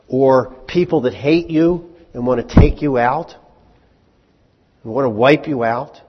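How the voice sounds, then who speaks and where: Man, pastor, sermon, mid-pitched voice, raspy, chatty rhetorical questions, dull lo-fi sound. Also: long reverb tail. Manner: conversational, asks the congregation rhetorical questions; acts out short dialogue in quick voices. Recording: muffled lo-fi recording.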